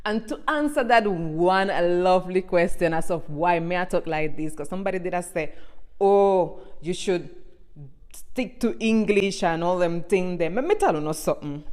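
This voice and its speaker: A woman in her forties from Cuba, with a Spanish-speaking background, talking animatedly to camera in English mixed with Jamaican patois and a rolled R. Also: on the low side. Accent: Cuban Spanish mixed with Jamaican patois. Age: 40s. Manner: animated, emphatic, switches between patois and English. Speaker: social media creator. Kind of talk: casual vlog to camera.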